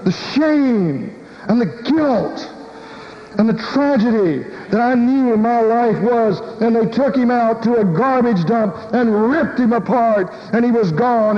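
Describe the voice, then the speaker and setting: Brief: high-voiced male preacher, emotional storyteller, echoing hall. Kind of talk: first-person dramatic sermon monologue. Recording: dull recording in a reverberant hall with faint hiss.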